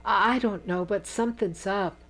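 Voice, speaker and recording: A woman narrator voicing a calm, wise storyteller woman who speaks steadily and firmly. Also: mid-range voice, normal speed. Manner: steady, firm.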